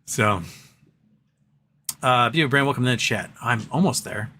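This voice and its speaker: A man's voice: medium pitch, fast talker, pushed and bright, slight background noise. A man hosting a casual livestream, reading chat aloud and rambling between topics. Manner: rambling, reads chat aloud, baby-talks to his cat. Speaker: livestream host.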